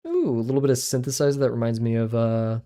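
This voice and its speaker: A man's voice: mid-range voice, fairly even intonation, fast talker, warm tone. A man livestreaming while he draws, chatting in a rambling, self-deprecating way. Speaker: livestreaming artist. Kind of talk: casual livestream chat while drawing.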